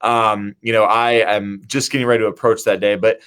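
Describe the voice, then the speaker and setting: A man's voice: lowish voice, little pitch movement, a little fast, fairly bright tone, clean tone. An American man from the Midwest, hosting a live talk show in a casual way with lots of fillers. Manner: casual, many fillers like "you know". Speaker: host, city mayor.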